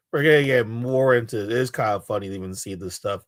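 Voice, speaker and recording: A man giving casual, halting reaction commentary on a clip, scoffing and repeating himself. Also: mid-range voice, no room sound. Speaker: reaction streamer.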